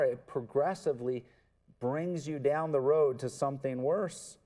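A man's voice: medium pitch, unhurried, dark tone. A man preaching an expository sermon, earnest and emphatic, repeating words for stress. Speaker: pastor.

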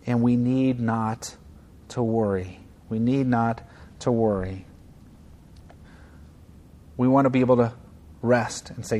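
A man pastor preaching a sermon in an earnest, conversational way, moving between soft moments and emphatic ones. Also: mid-range voice, slow pace, long pauses.

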